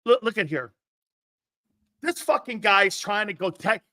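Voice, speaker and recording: A man hosts a sports talk livestream, ranting combatively and sarcastically, swearing, repeating his points and responding to chat comments. His voice sits high with lively intonation, moderate pace, and a pushed, bright quality, recorded in a clean studio with no room sound.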